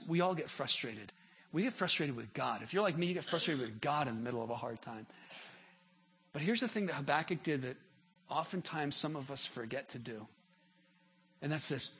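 Preaching with fervor, this pastor circles back on words to build intensity and rises almost to a shout during prayers. He has a mid-range, slightly rough voice.

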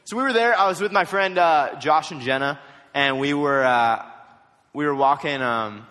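A young man giving a storytelling youth sermon, jokey and animated, acting out what others said in quick put-on voices. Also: a little high. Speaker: youth speaker. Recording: long hall reverb.

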